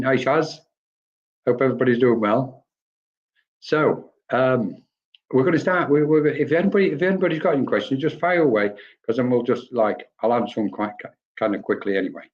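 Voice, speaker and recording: A man's voice: mid-range voice, highs cut off. Chatty man giving readings. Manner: chatty, rambling, greets viewers by name, laughs easily. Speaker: medium giving spirit readings. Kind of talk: live-streamed readings, casual chat.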